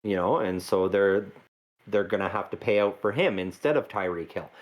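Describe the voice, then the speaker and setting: A man co-hosting a casual sports podcast, calm and explanatory, with fillers. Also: low-pitched, normal speed. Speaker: podcast co-host.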